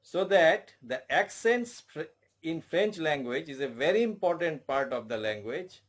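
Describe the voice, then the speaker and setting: Slow, deliberate male French tutor. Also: fairly high pitch, animated. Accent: Indian English. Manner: slow, repetitive, formal teaching. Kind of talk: online language lesson.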